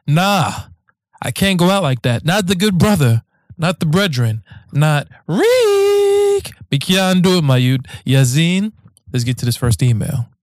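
A man's voice: on the high side, lively intonation, normal speed, no room sound. A man hosting a podcast, reading listener emails aloud in a loose, slangy way with frequent swearing and joking asides.

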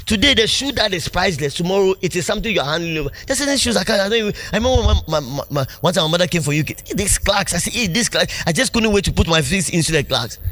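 Animated preacher. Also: male voice, sits high, racing, few pauses. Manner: call-and-response preaching, asks congregation questions; animated, laughing often. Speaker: pastor. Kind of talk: sermon.

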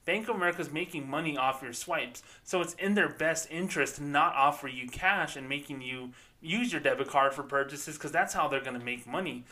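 A man's voice: on the high side, fairly quick, hardly any pauses, sharp tone. A man hosting a podcast, ranting sarcastically and with profanity about banking, speaking as a former bank employee. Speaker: podcast host. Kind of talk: ranting commentary.

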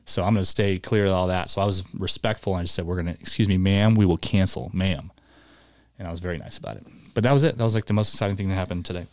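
A man's voice: low voice, racing, no echo, clean studio sound. A young man co-hosting a podcast, casually telling jokey stories and quoting the people in them. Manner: storytelling, quotes people, jokey. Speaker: podcast co-host. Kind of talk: casual chat.

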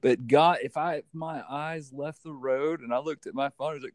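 A man from the United States with a fairly high voice speaks at a moderate pace, with no echo. In casual chat he's an animated storyteller, swearing a lot and acting out quotes.

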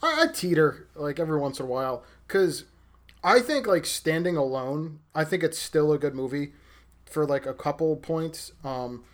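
A man's voice: a little high, expressive, moderate pace. A man co-hosting a casual movie discussion, hesitating and thinking aloud with fillers. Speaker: podcast co-host.

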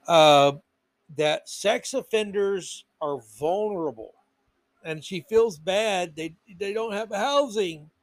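A male podcast host with a notably high voice takes it slowly through an indignant commentary rant, hammering points with repeated words. The sound is close and dry, with no room echo.

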